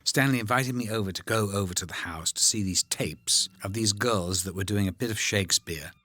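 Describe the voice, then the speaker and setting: Older male actor, commentary chat; animated raconteur, slightly low voice. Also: fairly quick, slightly rough, dry recording. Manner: anecdotal, animated storytelling with voiced quotes. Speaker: actor discussing his film.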